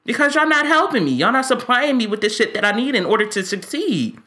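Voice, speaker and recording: A man's voice: extremely high pitch, sing-song, fairly quick, pushed and bright. A man giving ranting, profane commentary on a game he is fed up with, stammering when frustrated. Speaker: gaming YouTuber.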